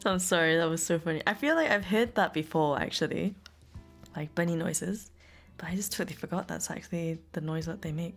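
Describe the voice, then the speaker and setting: A woman's voice: on the low side, steady tone, moderate pace, faint music behind. A young woman, a live streamer, chatting casually and giggling often with her chat from home. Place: home room.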